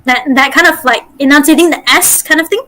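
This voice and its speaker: A woman's voice: high voice, fast talker, pushed and bright, low-quality recording. A woman from Malaysia, a game master teaching voice acting over a group call, chatty and encouraging. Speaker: game master leading a workshop.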